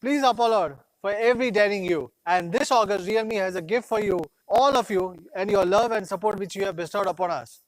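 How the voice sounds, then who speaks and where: A man's voice: high-pitched, fairly quick, hardly any pauses, dry recording, poor audio. Proud man giving a keynote. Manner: proud, rallying and declamatory. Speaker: company executive presenting a product launch. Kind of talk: scripted keynote speech.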